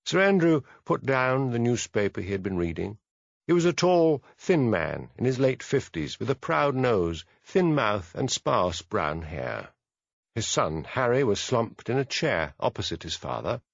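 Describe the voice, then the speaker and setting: A man narrating a mystery audiobook in a measured storytelling manner. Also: medium pitch, very animated, vocal fry, no room sound, highs cut off. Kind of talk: scripted narration.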